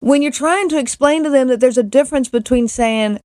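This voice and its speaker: Speaking a little fast and with hardly any pauses, this middle-aged podcast host has a high, slightly mellow voice. She tells a personal story earnestly, repeating words often and performing other people's quoted lines. The sound is clean studio audio without echo.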